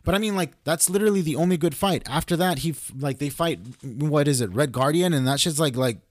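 A man's voice: a little high, fairly quick, dry recording. A man talking casually on a podcast, rambling with many restarts and heavy swearing. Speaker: podcast host.

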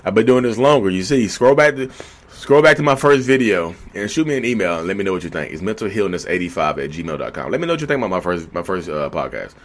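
A man's voice: low voice, lively intonation, fast. A man talking casually and animatedly to his viewers at a standing desk, a little out of breath, repeating himself and calling them y'all. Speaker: vlogger. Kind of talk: casual talk to camera.

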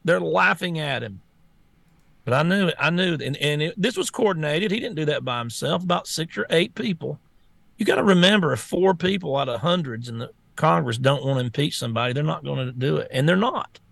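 Gravelly man ranting heatedly. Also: a little high, expressive, fairly quick, a bit bright, no echo. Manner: blunt, heated, repetitive rants with laughs. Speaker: co-host. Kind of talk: political talk show chat.

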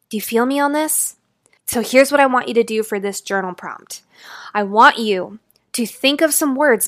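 A woman life coach talking straight to her listeners in a podcast monologue, swinging between fast, loud stretches and slow, quiet ones. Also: fairly high pitch, no echo, clean studio sound.

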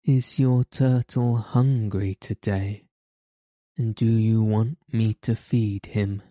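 A bold young hero, as a storybook reader voices him, calm and self-assured with a mocking edge. The voice stays low and mellow. Every line is slow and level. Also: male voice, no echo, clean studio sound.

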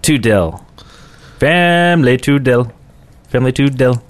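A man's voice: medium pitch, lively intonation, measured pace. Easygoing man hosting a podcast. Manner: easygoing, reads listener notes aloud. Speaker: podcast host. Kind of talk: casual chat.

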